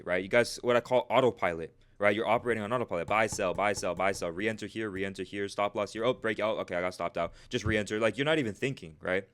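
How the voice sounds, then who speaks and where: A man's voice: lowish voice, quick pace, hardly any pauses, a bit bright. A man coaching traders on a live stream in a casual, talkative way, checking in with viewers after almost every sentence and addressing people in the chat by name. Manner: casual, repeats "right?" after nearly every point.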